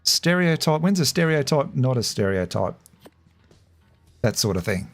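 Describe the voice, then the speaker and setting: A man's voice: medium pitch, very animated, measured pace, soft background music. Chatty Australian man gaming. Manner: rambling, chatty, laughs often, many fillers and restarts. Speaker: gaming streamer. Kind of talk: casual gameplay commentary.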